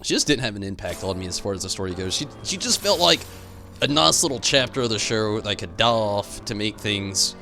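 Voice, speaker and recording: A man's voice: lowish voice, lively intonation, a little fast, bright, forceful tone, faint music behind. A man streaming a game live, rambling animatedly, answering chat and swearing casually. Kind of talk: live gameplay stream commentary.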